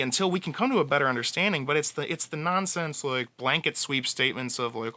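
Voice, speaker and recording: A man's voice: fairly high pitch, brisk, few pauses, sharp tone. A man giving a casual fan monologue, passionate and rambling, with frequent restarts. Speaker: fan commentator.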